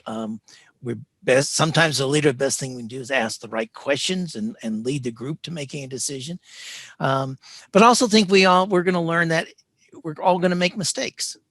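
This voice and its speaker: A man, a leadership coach, speaking as an interview guest; he gets excited and then deliberately slows and calms his voice. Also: a little high, no echo. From United States. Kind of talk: interview over video call.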